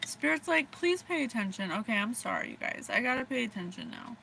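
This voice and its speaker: A woman's voice: fairly high pitch, big pitch swings, fairly quick, creaky, pushed and bright, slight background noise. An American woman giving a casual livestream psychic reading, bubbly and rambling, often giggling. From USA. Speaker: psychic reader.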